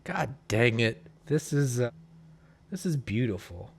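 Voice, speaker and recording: A man's voice: medium pitch, unhurried. A man streaming his digital painting, chatting casually and earnestly with viewers in a loose, emotional way. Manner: earnest, rambling, emotional, slang-heavy. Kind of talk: casual livestream chat.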